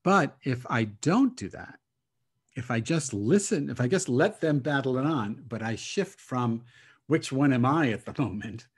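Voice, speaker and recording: A rabbi speaking as a guest on a video call, reflective and hesitant, laughing often between thoughts. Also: male voice, medium pitch, lively intonation, unhurried, breathy edge. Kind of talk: casual spiritual talk over video call.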